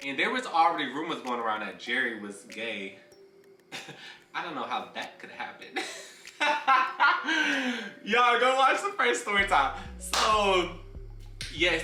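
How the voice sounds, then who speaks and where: A man's voice: mid-range voice, pushed and bright. A young man telling a personal story in a casual storytime, sassy and dramatic, swearing freely. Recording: roomy, from a distance, faint music.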